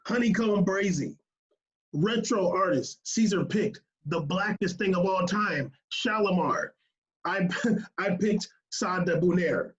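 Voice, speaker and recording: High-voiced laughing podcast host. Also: male voice, expressive, dull audio. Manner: laughs often, recaps lists quickly. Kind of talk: casual chat.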